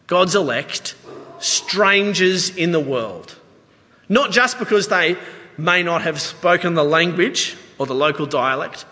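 Bright Australian preacher in a reverberant hall. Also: male voice, high-pitched. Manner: conversational, animated preaching with asides. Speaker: pastor. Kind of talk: sermon.

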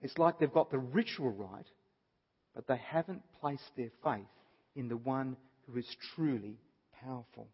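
A man's voice: mid-range voice, a little slow, breathy edge. A man giving an earnest Bible study talk, explaining a passage and stressing points by repeating them. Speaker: Bible teacher. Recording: dull audio with long reverb.

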